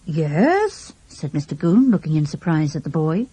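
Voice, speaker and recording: A woman narrating a children's storybook with an expressive, animated reading. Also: low voice, fairly quick, breathy edge, no room sound, low-quality recording. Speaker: audiobook narrator.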